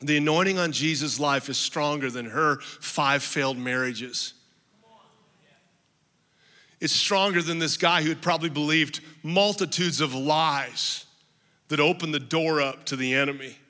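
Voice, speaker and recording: In a reverberant church hall where long echoes trail behind him, a pastor preaches a little slowly. His voice sits slightly high and sounds very bright and cutting, and his sermon is emphatic storytelling with touches of humor.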